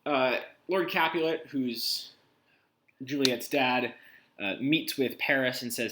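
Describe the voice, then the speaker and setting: A man talks through a play as a teacher, loose and conversational. His voice sits at a middle pitch, and he drops into casual paraphrase of the characters' lines as he goes. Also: normal speed, bright, forceful tone, slight background noise. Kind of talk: casual lesson summary.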